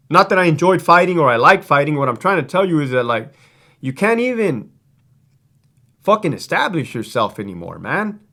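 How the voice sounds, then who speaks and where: A man with a somewhat high voice tells a story from his time as a prison guard. He talks casually and bluntly, swears often and leans on fillers like "like" and "right?". When he quotes others, his voice drops lower and quieter. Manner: blunt, profane, conversational with many fillers. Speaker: former prison guard telling stories.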